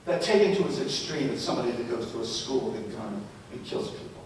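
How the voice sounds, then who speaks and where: A man's voice: lively intonation, brisk. A man giving a live talk to parents and educators, telling stories and asking rhetorical questions. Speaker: presenter. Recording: echoey hall, distant mic, faint rumble.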